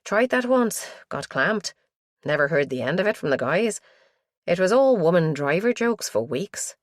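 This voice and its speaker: A woman's voice: fairly low pitch, big pitch swings, moderate pace, no room sound, clean studio sound. Woman reading a wry policewoman. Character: wry young female police detective.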